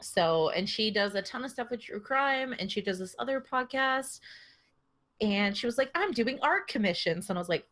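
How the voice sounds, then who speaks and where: A woman's voice: a little high, lively intonation, moderate pace, a bit bright. A woman co-hosting a casual podcast chat, laughing often and swearing casually. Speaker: podcast co-host.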